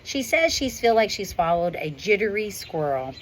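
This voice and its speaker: A woman's voice: medium pitch, very animated, normal speed, close to an everyday voice. A woman reading aloud as a proud, dry-humored male silverback gorilla narrating his storybook life, outdoors on a windy day. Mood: wry. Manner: wry, understated storybook narration.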